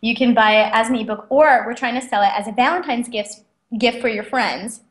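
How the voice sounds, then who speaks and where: A young adult woman with a slightly high voice, chatting animatedly as a guest on an interview show. She laughs often as she talks. The room gives her voice a clear echo. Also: brisk. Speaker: guest author. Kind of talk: casual interview storytelling. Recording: roomy echo.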